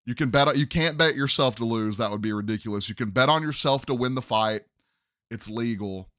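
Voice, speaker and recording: A podcast host runs a solo sports show, emphatic and opinionated, often addressing "ladies and gentlemen." His medium-pitched voice is fairly quick, recorded in studio quality without echo.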